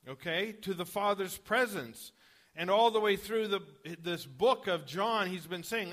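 Bright-voiced male preacher. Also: sits high, animated, a little slow. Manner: conversational, asks the congregation questions. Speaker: pastor. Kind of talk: sermon.

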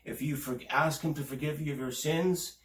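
A man's voice: fairly even intonation, normal speed, recorded from a distance, slight background noise. Earnest male preacher in an echoey room. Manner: earnest, reads scripture aloud and rises in pitch for emphasis. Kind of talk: sermon. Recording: roomy, from off the mic.

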